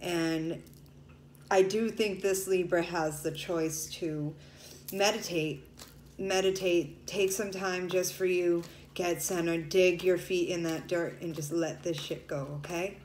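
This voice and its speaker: A woman's voice: on the low side, fairly even intonation, slow pace, a little mellow, echoey room, slight background noise. A woman doing a casual tarot reading for viewers. She talks loosely and emotionally and turns tearful at times. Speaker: tarot reader.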